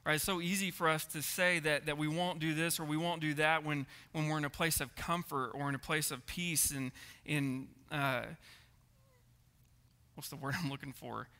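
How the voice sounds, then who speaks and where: Earnest male preacher, slightly high and bright, in a reverberant church hall. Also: fairly even intonation, normal speed. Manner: earnest, repeats words and asks the room "right?". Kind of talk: sermon.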